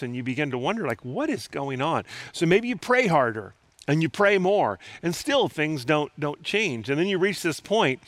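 A man's voice: mid-range voice, a bit bright, no echo. A man preaching a sermon in an earnest, conversational way, asking his listeners rhetorical questions. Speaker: pastor.

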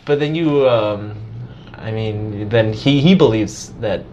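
A man in casual podcast chat, talking in an animated way, swearing and laughing as he tells a story. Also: on the low side, takes it slowly, a little hiss or hum.

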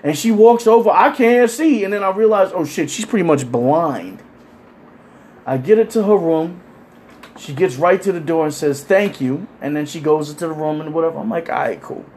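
A man telling crude stories in casual chat, animated and acting out the people he quotes. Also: fairly high pitch, moderate pace, a little hiss or hum. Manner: animated, acts out quoted voices. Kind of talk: casual profane storytelling.

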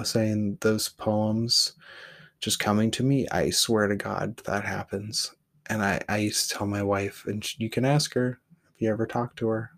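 A man hosting his own podcast, talking through his path as a poet in a candid, rambling monologue with casual swearing. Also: fairly low pitch. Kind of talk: reflective solo monologue.

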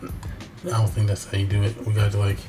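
A man's voice: lowish voice, monotone, a little fast, music in the background. A young man co-hosting a podcast in casual banter, rambling with restarts. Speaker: podcast co-host.

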